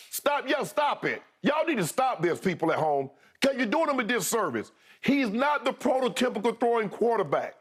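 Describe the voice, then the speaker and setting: A man's voice: extremely high pitch, fairly bright tone. A man co-hosting a sports debate show, talking in an emphatic, scolding way and repeating his points for effect.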